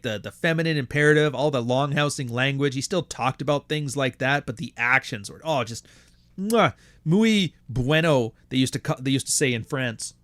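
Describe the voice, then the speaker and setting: A man's voice: medium pitch, fairly bright tone, no room sound. Man, podcast host, sardonic, profane, casual monologue, dry close mic. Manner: profane, sardonic storytelling with mocking quoted voices.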